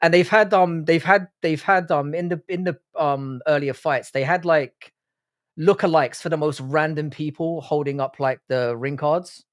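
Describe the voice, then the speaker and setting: A man's voice: on the high side, steady tone, moderate pace. An Irish man hosting a live fight watch-along stream, reacting casually and profanely and reading out chat messages. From Ireland. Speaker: livestream host.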